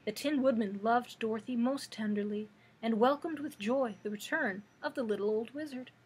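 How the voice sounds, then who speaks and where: A woman librarian reading a children's book aloud in a clear, measured storytelling manner. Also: a little high, a little mellow, rough recording.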